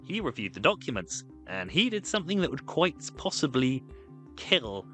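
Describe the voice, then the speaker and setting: A man's voice: mid-range voice, very animated, normal speed, bright, forceful tone, faint music behind. A man giving scripted, comedic history narration with wry, sarcastic asides.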